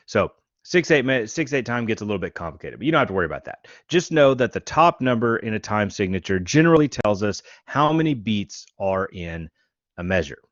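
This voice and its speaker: A man teaching a music class, counting beats out loud and showing rhythms on guitar. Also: on the low side, sing-song, a little fast, no room sound, highs cut off. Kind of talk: lecture.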